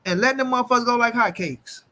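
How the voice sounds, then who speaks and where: A man hosting a boxing channel, ranting casually to the camera with profanity and mocking, repetitive jeers, swinging between loud bursts and mutters. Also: very high voice. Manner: animated, shifting quickly between loud and muttered. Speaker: boxing commentary channel host.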